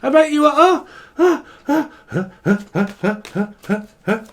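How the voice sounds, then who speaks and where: Fussy old lady, shrill and sing-song, played by a man in falsetto. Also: expressive, unhurried, creaky, full character voice.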